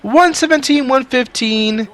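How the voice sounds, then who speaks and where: A man doing play-by-play for a basketball video game simulation, swinging from calm asides to excited outbursts, a bit sick. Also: extremely high pitch, measured pace. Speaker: video game sim commentator. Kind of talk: play-by-play commentary.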